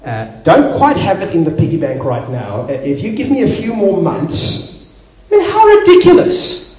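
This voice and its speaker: Aussie guy preaching a sermon, a bit high-pitched, acts out little scenes, echoey church hall. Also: moderate pace. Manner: animated storyteller acting out little scenes, with some restarts. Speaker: pastor. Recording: echoey hall, faint noise.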